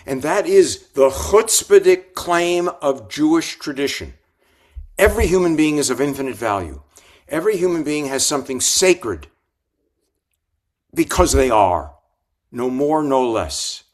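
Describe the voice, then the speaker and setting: Reflective older rabbi telling stories. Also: male voice, fairly high pitch, big pitch swings, a little slow. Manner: reflective, warm anecdotes with gentle humor and restarts. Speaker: rabbi and author. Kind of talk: storytelling in an interview.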